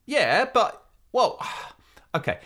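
A woman co-hosting a podcast in casual chat, telling stories in an animated way and acting out voices. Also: mid-range voice, drawn-out words. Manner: animated storyteller, acts out voices. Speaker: podcast co-host.

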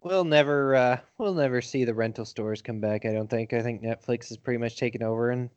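A man from Michigan co-hosting a podcast, chatting in a relaxed, reflective way. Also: medium pitch, brisk, dry recording, dull audio. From United States, Michigan. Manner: laid-back, reflective, wraps up the episode. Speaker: podcast co-host. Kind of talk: casual chat.

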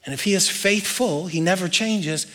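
Male pastor mid-sermon, emphatic and rhythmic, voice a touch higher than most men. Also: moderate pace, fairly bright tone. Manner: emphatic preaching with rhetorical questions and lists.

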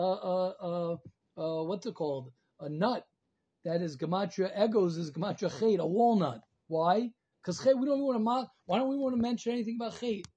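A man teaching former students in a storytelling sermon, animated and repeating phrases for emphasis, swinging from loud and high to soft. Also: breathy edge, highs cut off. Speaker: rabbi teaching alumni.

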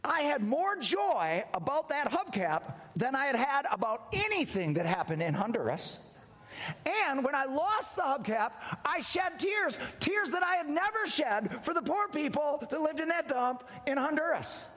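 A man preaching a sermon as a story, animated and acting out the dialogue. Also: moderate pace, big-room sound. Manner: animated, wide swings in pitch and loudness, acts out dialogue. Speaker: pastor.

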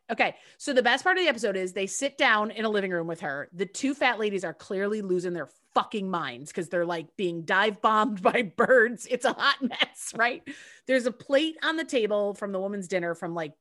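A woman co-hosting a casual podcast chat, telling a story in a lively, swearing, joking way. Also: mid-range voice. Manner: lively, profane, storytelling with asides. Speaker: podcast co-host.

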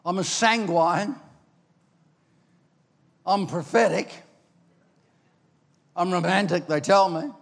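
An older man from Ireland, preaching a sermon with animated storytelling that swings between loud and soft. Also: high voice, takes it slowly, vocal fry, long pauses. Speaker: pastor. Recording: long hall reverb.

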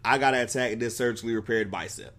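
A man's voice: mid-range voice, fast, a bit bright. A man co-hosting a podcast, recapping wrestling in rambling casual chat, swearing and laughing often. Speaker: podcast co-host.

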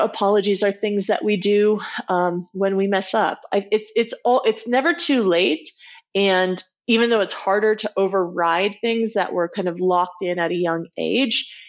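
A woman's voice: mid-range voice, muffled recording. A woman guest on a podcast interview, explaining her ideas in an earnest, teaching way. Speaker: guest expert.

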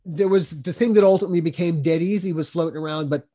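An older man, a producer, reminiscing casually with many halting restarts. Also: a little high, warm tone.

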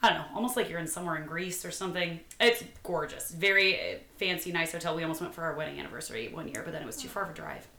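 A woman in her thirties with a fairly low but bright voice co-hosts a podcast. She chats easily and laughs often. Her voice rings in a roomy, echoing space. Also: lively intonation, very fast, hardly any pauses. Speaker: podcast co-host. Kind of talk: casual chat.

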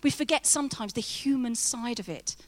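Woman preacher, high voice, chatty and emphatic sermon delivery. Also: brisk. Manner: chatty, humorous, laughs often, emphatic. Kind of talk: sermon with personal story.

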